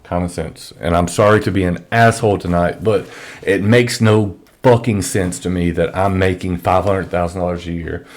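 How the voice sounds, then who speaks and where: A man's voice: low voice, steady tone, moderate pace. A man teaching trading in an office on a microphone, lecturing bluntly and with profanity. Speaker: trading educator. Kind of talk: screen-share trading lesson.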